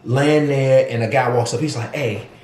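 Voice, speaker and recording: An American man casually telling a travel story on a vlog, animated and slangy, laughing often and acting out the people he met. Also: medium pitch, normal speed, slight background noise. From United States. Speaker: vlog co-host. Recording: roomy echo.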